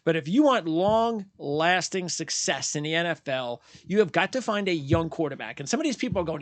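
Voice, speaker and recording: A man's voice: on the high side, animated, brisk, hardly any pauses, no echo. A man hosting post-game sports commentary, ranting bluntly and heatedly, repeating his points and mocking fans in quoted voices. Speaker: sports channel host.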